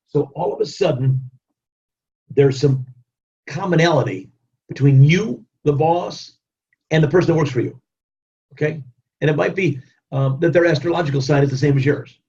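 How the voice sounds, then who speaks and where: A man giving a keynote motivational leadership webinar talk, energetic, running through repeated lists and acting out what people say. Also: fairly high pitch, normal speed, pauses often. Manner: energetic, repetitive lists, acts out quotes. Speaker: keynote speaker. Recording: dull lo-fi webinar audio.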